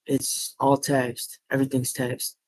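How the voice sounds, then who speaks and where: A man's voice: mid-range voice, monotone, measured pace, darkish tone, no echo. A man giving his opinion in casual talk, plainspoken, repeating himself and circling back to the same point.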